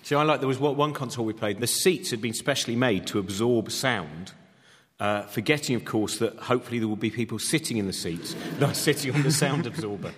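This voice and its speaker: A man's voice: mid-range voice, fairly quick. A man co-hosting a radio panel show, rambling and joking. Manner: rambling, jokey. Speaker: co-host. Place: concert hall used as studio. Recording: long concert hall reverb.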